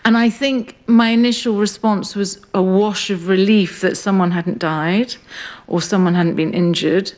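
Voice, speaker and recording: A middle-aged woman speaks in an unhurried, thoughtful way, her words spaced out with pauses. She is a farmer and writer being interviewed outdoors on her farm. Her voice sits at a middle pitch. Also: steady tone. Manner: slow, reflective storytelling. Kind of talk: radio interview.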